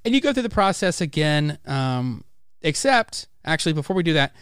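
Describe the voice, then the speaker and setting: A man with a smooth, resonant voice chats casually about a comic book, retelling each scene with lively little impressions of the characters. The sound is close and dry, with no room around it. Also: on the high side, normal speed, dry recording. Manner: animated retelling, acts out characters' lines. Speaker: podcast host.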